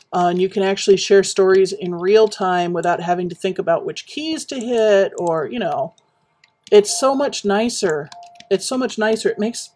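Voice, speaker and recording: A woman chatting casually while building in a game, rambling and reminiscing with many pauses and fillers. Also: mid-range voice, dark tone. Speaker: Minecraft streamer.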